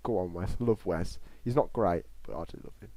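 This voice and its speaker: A deep voice with vocal fry, a little fast and free of echo, belongs to an English man live-streaming his reactions to a football match. Excitable and never quiet, he narrates the play and reads out chat messages at a desktop mic in front of a screen in a small closed room.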